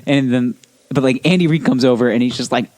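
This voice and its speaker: A man's voice: mid-range voice, fairly quick, darkish tone. A man co-hosting a podcast in casual chat, rambling, laughing and swearing as he goes. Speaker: podcast co-host.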